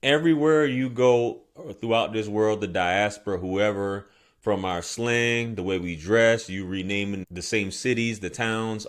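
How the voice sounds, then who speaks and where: A man hosting, talking through his reaction to a clip in a conversational, explanatory way. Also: medium pitch. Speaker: commentator. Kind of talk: reaction commentary.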